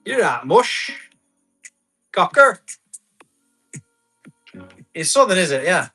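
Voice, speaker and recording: A man's voice: high-pitched, big pitch swings, slow pace, sharp tone, breathy edge, soft background music. A man, chatting casually as he runs a live tool auction, reading out bids and comments and laughing often. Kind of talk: casual live-stream selling chat.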